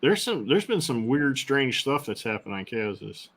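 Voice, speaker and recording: A man in casual chat, telling stories in a relaxed way with plenty of restarts. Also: medium pitch, moderate pace. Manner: relaxed storytelling with fillers and restarts. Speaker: co-host.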